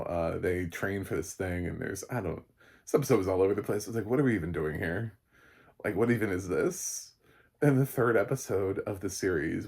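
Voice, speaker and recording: A man with a low, husky voice rambles through a sarcastic TV review. He often trails off and restarts, then jabs at what he dislikes. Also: darkish tone. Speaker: film critic. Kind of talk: casual comedic review monologue.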